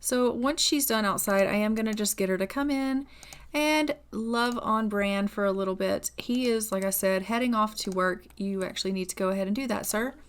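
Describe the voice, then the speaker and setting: A woman's voice: medium pitch, moderate pace, smooth. A woman giving casual gameplay commentary in a chatty way, narrating the story and voicing the characters as she plays. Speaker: gameplay video creator.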